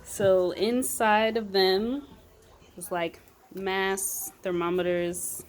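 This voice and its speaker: A woman's voice: medium pitch, little pitch movement, drawn-out words. A mother vlogging casually from her quarantine apartment, narrating with dry, teasing humor.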